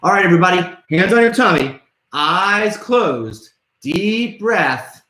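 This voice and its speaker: A man's voice: high-pitched, sing-song, a little slow, bright, forceful tone, reverberant. A man hosting a live trivia show for children, playful and theatrical, calling out to his viewers. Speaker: kids' trivia show host.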